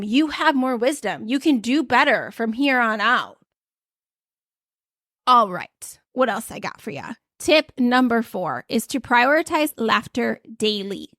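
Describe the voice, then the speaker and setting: A young pregnant woman talks through wellness tips in a loose, rambling way, full of fillers. Her voice sits a little high. The recording is close and dry, with no room sound. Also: fairly bright tone, no echo. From United States. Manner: chatty, rambling, many fillers. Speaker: podcast host. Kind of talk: casual podcast chat giving tips.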